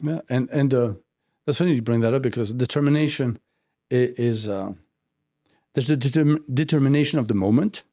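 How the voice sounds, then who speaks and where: A podcast host talking reflectively, with frequent pauses and restarts. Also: male voice, mid-range voice, dark tone. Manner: reflective, halting, many fillers and restarts. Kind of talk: casual conversation.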